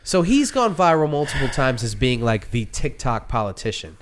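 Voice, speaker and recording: A man's voice: mid-range voice, sing-song, normal speed, slight background noise. A man co-hosting a podcast in casual chat, ranting and mocking the voices of others. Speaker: podcast co-host.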